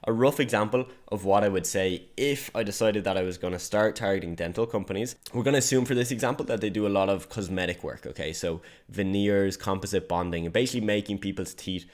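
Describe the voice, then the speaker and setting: A man's voice: lowish voice, fast talker, few pauses. A young man giving an online marketing lesson in a direct, emphatic coaching manner.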